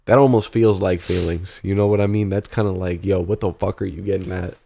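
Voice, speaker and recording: Young dude cohosting a chill podcast, kinda low voice, swears a lot, laughs easy. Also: male voice, fairly even intonation, brisk, gravelly, warm tone, breathy edge. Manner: loose, laughing, swearing banter. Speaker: podcast co-host. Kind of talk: casual chat.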